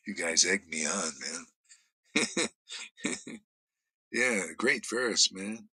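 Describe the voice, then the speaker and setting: A man teaching on devotion in a blunt, profane, informal rant, swinging between shouts and low muttered asides. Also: animated, drawn-out words, breathy edge, no echo, low-quality recording. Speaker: spiritual teacher.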